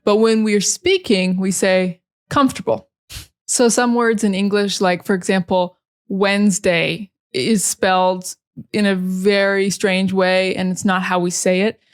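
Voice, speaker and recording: A woman from Maine with an American accent, teaching English pronunciation and repeating words slowly and carefully, syllable by syllable. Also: mid-range voice, flat delivery, clear, resonant tone. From Maine, USA. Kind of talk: pronunciation lesson.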